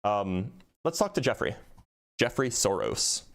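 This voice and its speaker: A man's voice: on the low side, sing-song, unhurried, vocal fry, fairly bright tone. A man hosting a live debate stream, talking casually with lots of fillers and restarts. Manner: casual, hesitant, many fillers.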